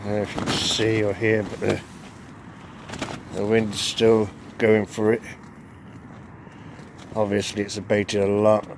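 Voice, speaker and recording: A man's voice: lowish voice, completely flat delivery, unhurried, long pauses, background noise. Chatty man vlogging from a tent. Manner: chatty and rambling, with chuckles. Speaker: wild camping vlogger. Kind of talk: casual vlog to camera. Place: tent outdoors in wind.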